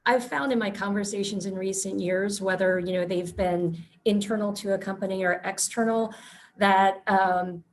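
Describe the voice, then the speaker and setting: A woman's voice: mid-range voice, steady tone, moderate pace, low-quality recording. A woman in financial services talking things through on a video call, with frequent fillers as she thinks aloud. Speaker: meeting participant in financial services. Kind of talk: casual video-call discussion.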